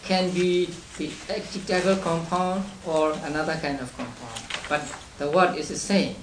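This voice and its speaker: A man leading a study class on meditation texts, explaining slowly and step by step with frequent restarts and soft chuckles. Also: on the high side. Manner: chuckles between points. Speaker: Buddhist meditation teacher. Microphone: distant room mic. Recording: roomy distant amateur recording with hiss.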